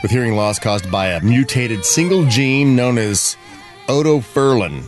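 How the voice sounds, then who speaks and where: Male radio host, jokey banter, pitch swings a lot. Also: unhurried, faint music behind. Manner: lively, jokey, slips into mock voices. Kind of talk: casual comedic banter.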